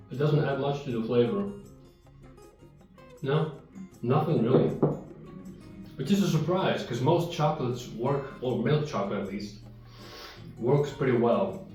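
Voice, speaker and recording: A man's voice: medium pitch, normal speed, pauses often. Chatty man in a very echoey room. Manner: chatty, rambling, talks while chewing. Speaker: vlogger tasting chocolate. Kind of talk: casual food-review chat. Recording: very echoey room, mic far off, guitar music behind. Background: soft guitar music.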